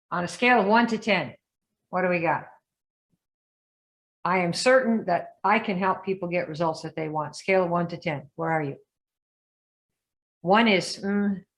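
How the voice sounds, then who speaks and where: A woman coaching a group in a lively live session, often asking her listeners questions and acting out the voices she quotes. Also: mid-range voice. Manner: emphatic, asks the audience questions, acts out quoted voices. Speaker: business coach.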